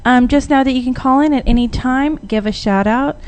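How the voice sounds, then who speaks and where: A woman's voice: high-pitched, a little fast. A woman, hosting a casual radio talk show and telling stories with acted-out quotes. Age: 40s. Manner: animated storyteller who acts out quoted voices. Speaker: radio host.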